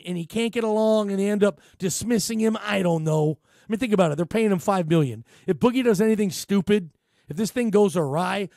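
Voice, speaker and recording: The sports talk radio host here is a man whose voice sits high, and the recording has no room sound. Into his studio mic he gives an animated, rambling monologue full of fillers and restarts.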